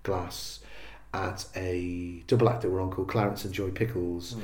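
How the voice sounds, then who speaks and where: A man from Liverpool, a comedian, tells gig stories in a relaxed, casual chat. His delivery is lively: he jumps up for the punchlines and drops low for the asides. The room around him is echoey. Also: moderate pace. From Liverpool, England. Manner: animated storyteller, acts out heckles in quoted voices. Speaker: comedian guest.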